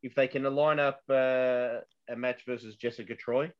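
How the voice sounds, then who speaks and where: A man's voice: medium pitch, steady tone, moderate pace, clean tone. Man, podcast co-host, hesitant, wry, muffled lo-fi sound. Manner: hesitant, many fillers, wry. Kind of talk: casual chat. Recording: dull lo-fi audio.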